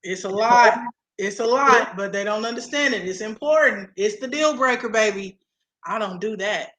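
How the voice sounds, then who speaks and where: Sassy bright-voiced woman co-host. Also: fairly high pitch. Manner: sassy, playful, drawn-out emphasis. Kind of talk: casual chat.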